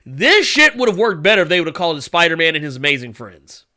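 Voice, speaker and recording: Bright, animated male podcast host. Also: a little high, quick pace. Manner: animated, swears freely, laughs often, does mocking voices. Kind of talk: casual chat.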